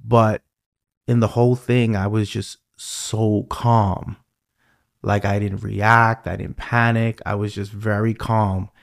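A man's voice: on the low side, level tone, takes it slowly, vocal fry. A middle-aged man hosting a podcast, chatting casually and telling stories animatedly, often repeating words. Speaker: podcast host. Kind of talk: casual conversation.

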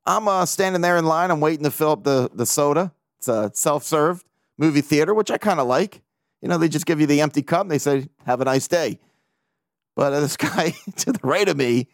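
A man's voice: a little high, expressive, normal speed, no echo, clean studio sound. A man hosting a casual solo podcast, rambling and joking, swearing freely as he talks. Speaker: podcast host.

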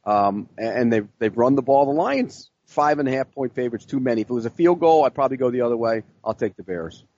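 A man's voice: medium pitch, lively intonation, fast talker, darkish tone. A man on a sports podcast panel who talks bluntly and teases matter-of-factly, on dull, dry lo-fi podcast audio. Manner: blunt, teasing, matter-of-fact. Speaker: football writer and podcast panelist. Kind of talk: casual sports podcast banter.

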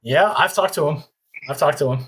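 A podcast host chatting in an easygoing way, quick with jokes. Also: medium pitch, fairly bright tone, husky. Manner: joking, easygoing. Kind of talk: casual podcast chat.

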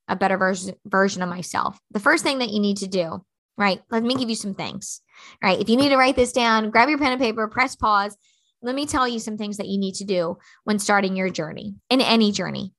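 A woman's voice: medium pitch, a bit bright. A woman in her thirties hosting a motivational podcast, talking bluntly and emphatically with lots of fillers. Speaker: podcast host.

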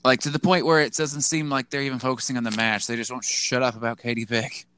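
A man's voice: mid-range voice, fast talker, a little hiss or hum. A man co-hosting a casual podcast, joking and stammering as he chats. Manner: animated, joking, stammering restarts. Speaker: podcast co-host. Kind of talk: casual chat.

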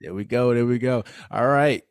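A man's voice: mid-range voice, normal speed, smooth, no echo, studio quality. A man hosting a casual podcast with his friends, upbeat and laughing often as he hypes the others. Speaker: podcast host.

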